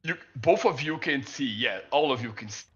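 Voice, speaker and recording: A man's voice: medium pitch, expressive, normal speed, fairly bright tone, dull audio. A man narrating as dungeon master in a casual tabletop game, laughing often and stumbling over his words. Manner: laughs often, fillers and restarts.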